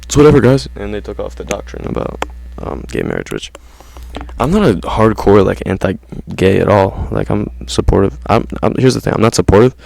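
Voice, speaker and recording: A man's voice: fairly low pitch, very animated, fairly quick, vocal fry, a little mellow. A man ranting casually to his viewers in slangy, profane talk, saying "bro" constantly. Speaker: vlogger. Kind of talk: casual rant to camera.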